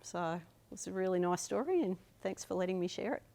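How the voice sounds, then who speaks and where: A woman's voice: lowish voice, lively intonation, brisk, creaky, very noisy. A woman in her fifties telling a personal story at a live storytelling night, chatty and self-amused, with trailing restarts. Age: 50s.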